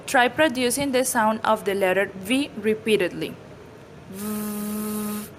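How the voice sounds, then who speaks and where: A woman reading a scripted pronunciation lesson in a measured, explanatory way. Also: on the high side, slight background noise, rough recording. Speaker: pronunciation teacher. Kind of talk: scripted instructional narration.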